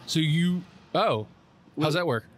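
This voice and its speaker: A man's voice: a little high, lively intonation, takes it slowly. A man co-hosting a podcast, interviewing guests casually with teasing questions. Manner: teasing, asks many questions.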